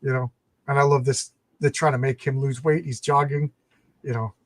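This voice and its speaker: A man's voice: medium pitch, little pitch movement, normal speed, dry recording. A man hosting a casual late-night comics live stream, rambling as he retells comic plots.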